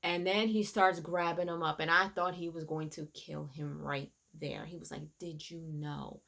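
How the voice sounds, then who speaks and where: Animated woman recapping a TV episode. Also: on the low side, moderate pace, vocal fry. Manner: animated, quotes characters in retelling. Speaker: reviewer.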